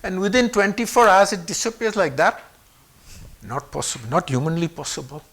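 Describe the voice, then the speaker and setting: Recounting personal memories, a Pakistani-born man in his seventies speaks a little fast and with lots of animation. When quoting others, he acts out their words by changing his pitch and loudness.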